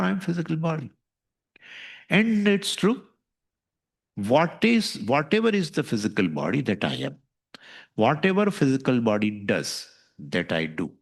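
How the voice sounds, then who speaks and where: A man giving a spiritual lecture on scripture, questioning his listeners and repeating his points. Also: mid-range voice. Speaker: spiritual teacher.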